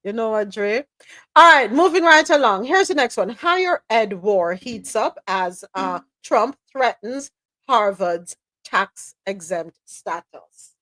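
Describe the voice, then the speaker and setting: A woman hosting a live news chat stream, lively and teasing, calling listeners by name. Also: on the high side, takes it slowly, no room sound. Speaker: host.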